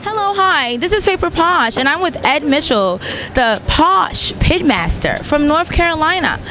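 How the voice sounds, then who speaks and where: A woman's voice: sits high, sing-song, measured pace, background noise. A woman hosting a show, gushing through interviews outdoors at a food festival with a handheld mic. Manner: bubbly, gushing. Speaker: show host.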